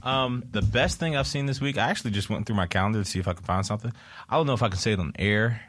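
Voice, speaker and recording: Deep dry-sounding guy hosting a radio chat, laughs a lot, lots of ums. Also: rapid-fire, a bit bright, dry recording. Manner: joking, laughing often, filler-heavy. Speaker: radio show host. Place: radio studio.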